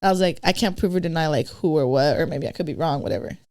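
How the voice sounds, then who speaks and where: Fast-talking woman telling a blunt story. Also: sits low. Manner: blunt, profane, animated retelling of conversations. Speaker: podcast guest. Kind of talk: casual storytelling chat.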